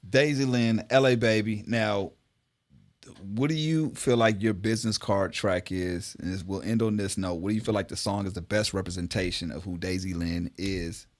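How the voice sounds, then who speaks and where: A relaxed man with a lowish voice, hosting a casual interview. He keeps things going with quick replies of agreement and easy laughter. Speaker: interviewer host.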